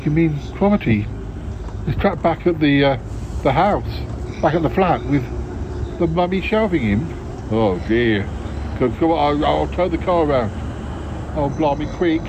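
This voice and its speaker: A man hosting a podcast, telling an improvised comic story in flustered, hurried exclamations. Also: fairly high pitch, lively intonation. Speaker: podcast host. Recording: roomy, dull sound with loud noise.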